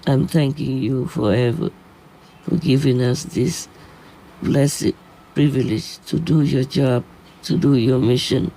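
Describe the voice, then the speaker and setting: A man speaking as a disciple to his spiritual teacher, in an earnest, halting plea of short broken phrases. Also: medium pitch, gravelly, mellow, a little hiss or hum, poor audio. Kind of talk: heartfelt personal plea.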